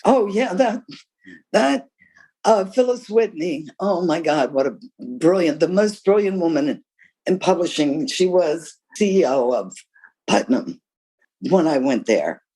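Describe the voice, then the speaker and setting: An older woman, appearing as a guest author, answers interview questions candidly and emphatically, spinning lively stories from her career. Her voice is lowish and slightly rough, her pace measured, and the recording is low quality.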